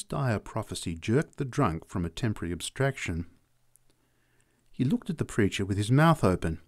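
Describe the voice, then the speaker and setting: A man's voice: lowish voice, normal speed. A man narrating a story in the first person as an audiobook reader. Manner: lively, expressive reading.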